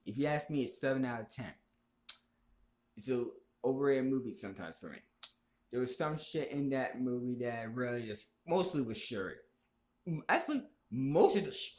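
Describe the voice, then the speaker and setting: A man's voice: medium pitch, a little mellow. A man ranting casually about movies, heated and profane, rambling from point to point. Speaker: vlogger. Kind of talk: casual opinion rant. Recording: echoey room.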